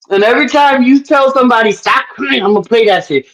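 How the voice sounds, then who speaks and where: A woman chatting casually on a live audio panel, teasing, laughing a lot and swearing as she acts out quotes. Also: rough recording. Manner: laughing often, acting out quotes in animated pitch jumps; profane, teasing. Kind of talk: casual chat.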